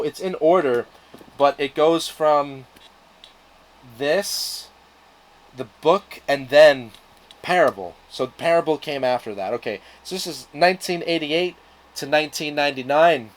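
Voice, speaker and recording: A man's voice: on the high side, low-quality recording. A young man talking casually in a vlog about comics, rambling with lots of fillers and restarts, now and then swearing. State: out of breath. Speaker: YouTube comics reviewer.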